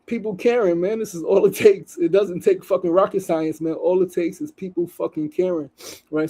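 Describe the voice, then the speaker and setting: A man's voice: sits high, steady tone, moderate pace, dark tone, husky, rough recording. A man hosting a daily show, talking casually and emotionally, swearing freely and reading a story aloud. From New York City. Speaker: podcast host. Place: studio.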